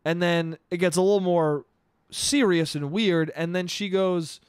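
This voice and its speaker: A man's voice: high voice, steady tone, a little slow, clear, resonant tone, no echo, studio quality. A man hosting a solo podcast, telling a story in a rambling, profane way and laughing at his own jokes. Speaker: podcast host. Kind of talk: casual storytelling monologue.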